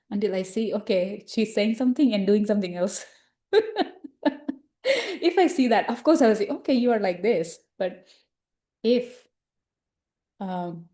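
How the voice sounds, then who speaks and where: Mellow-voiced woman, reflective dharma talk. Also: mid-range voice. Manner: reflective and earnest, acting out her own inner thoughts in quotes; non-native English phrasing. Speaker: Buddhist nun leading a sutta discussion. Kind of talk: informal dharma discussion.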